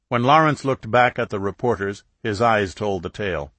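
A man narrating a novel in an even, measured way. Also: on the low side, no echo. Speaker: audiobook narrator. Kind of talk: scripted narration.

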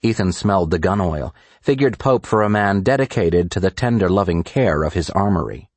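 Deep-voiced male thriller narrator. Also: animated, no room sound. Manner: measured, deliberate reading. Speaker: audiobook narrator.

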